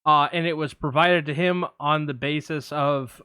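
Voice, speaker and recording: A man co-hosting a podcast, telling a story in a casual, animated way with lots of fillers. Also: fairly high pitch, normal speed, clear, resonant tone, no room sound, clean studio sound. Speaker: podcast co-host. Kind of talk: casual chat.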